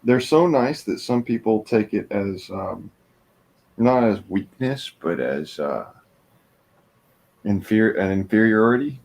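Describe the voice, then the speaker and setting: A man in casual chat, easygoing and quick to laugh along. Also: fairly low pitch, lively intonation, gravelly, a little mellow. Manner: laughs often, easygoing banter.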